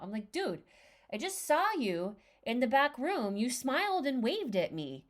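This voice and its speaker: A woman's voice: high voice, unhurried. A woman co-hosting a podcast, telling a story in casual chat and acting out the quoted dialogue. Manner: animated, acts out quoted dialogue. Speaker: podcast co-host.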